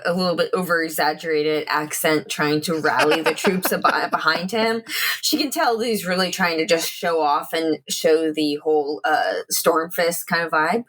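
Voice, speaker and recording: A woman's voice: deep voice, fairly bright tone. Wry woman player describing her character. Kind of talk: tabletop role-play.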